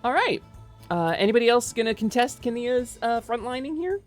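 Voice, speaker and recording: A woman's voice: a little high, big pitch swings, brisk, soft background music. A woman narrating as game master on a tabletop game stream, playful and storytelling.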